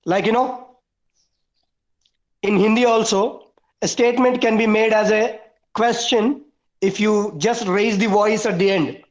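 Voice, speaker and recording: High-voiced teacher. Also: male voice, steady tone, unhurried. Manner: instructive, lists points and repeats key words. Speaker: English teacher. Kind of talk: online class instruction. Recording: dull lo-fi online call audio.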